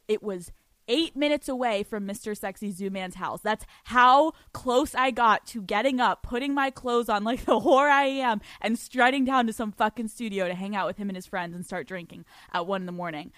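A woman's voice: mid-range voice, fairly bright tone, dry recording. A young woman hosting a solo podcast, telling a story in a brash, profane way with frequent laughter. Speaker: podcast host.

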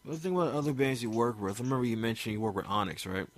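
A man's voice: mid-range voice, animated, racing. A man from Maryland hosting a casual chat, laid-back and profane, filling his talk with "you know". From Maryland, USA.

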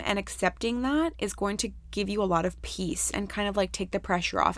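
A woman's voice: medium pitch, vocal fry, dry recording. A young woman hosting a podcast solo, talking casually and candidly with lots of fillers and swearing. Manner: chatty, candid, swears freely, many fillers. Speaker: podcast host.

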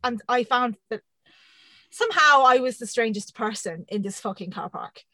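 A woman in her thirties telling a funny story on a podcast, animated and self-mocking, swearing often. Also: a little high, moderate pace, no echo, low-quality recording. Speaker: podcast co-host. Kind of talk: casual storytelling chat.

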